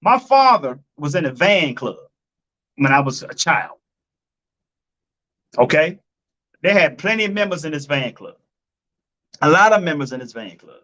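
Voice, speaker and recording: A man delivers preachy relationship commentary, bluntly and profanely, calling listeners "folks" and "family" and repeating points to hammer them home. His voice is high for a man and a bit bright, very animated, a little slow with long pauses. The recording sounds dull and lo-fi.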